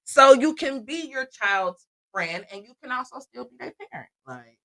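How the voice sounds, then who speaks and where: Animated bright-voiced middle-aged woman. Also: high voice, moderate pace, gravelly. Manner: animated, blunt, laughs often. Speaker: podcast co-host. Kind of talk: casual chat.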